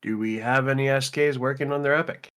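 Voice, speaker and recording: A man running a game stream, talking loot and small talk in an easy, unhurried way. His pitch sits in a middling range, and he thinks out loud as he reads items off for the raid. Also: smooth. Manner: relaxed, talks loot through aloud. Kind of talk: casual game-stream chat.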